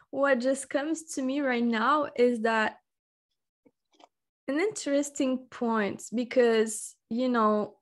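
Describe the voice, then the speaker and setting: Woman host, casual interview, high-ish voice, unhurried and reflective. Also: fairly even intonation.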